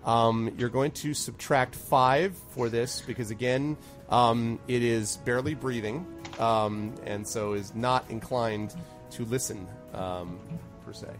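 A man's voice: mid-range voice, takes it slowly, soft background music. A man narrating as game master, loose and chatty with many ums. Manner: loose, filler-heavy narration with frequent laughs.

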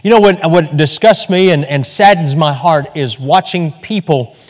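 A man's voice: on the high side, normal speed, long reverb tail. A man preaching a sermon as pastor, emphatic and fervent, repeating words for stress.

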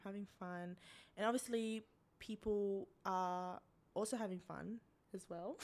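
A woman's voice: medium pitch, a bit bright. A young woman co-hosting a casual podcast, giggly and teasing as she chats. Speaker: podcast co-host. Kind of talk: casual chat.

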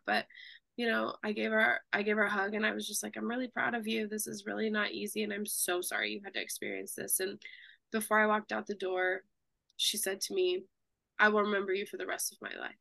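Bright, gravelly-voiced woman on a podcast. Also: mid-range voice, fairly even intonation, fast talker, dry recording. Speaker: nurse and podcast co-host. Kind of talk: casual podcast chat.

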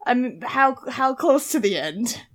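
A woman's voice: on the high side, lively intonation, slow. A young woman co-hosting a casual chat about song lyrics, giggling often and thinking aloud with lots of "like"s. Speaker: podcast co-host.

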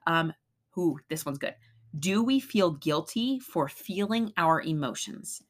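Brief: middle-aged woman co-host, earnest and emphatic, lowish voice, casual chat. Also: expressive, a little slow. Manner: earnest, emphatic, laughs often. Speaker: podcast co-host.

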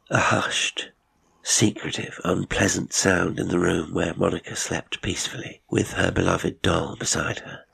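A man with a very deep, gravelly voice reads a ghost story aloud at a measured pace. His tone is husky and rough-edged, with heavy fry in it. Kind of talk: scripted narration of a ghost story.

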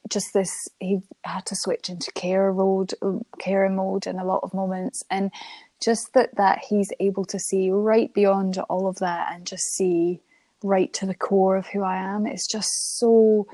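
A young woman, a guest in an interview, chatting warmly about her life and laughing often as she tells a story. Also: medium pitch, level tone, unhurried, dry recording. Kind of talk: emotional interview conversation.

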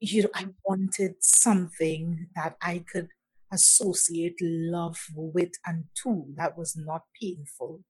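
A woman from Nigeria, a guest on an interview, telling her own story in a slow, halting way with many restarts. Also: fairly low pitch, level tone, a little mellow, breathy edge, dry recording, rough recording. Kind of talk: personal testimony.

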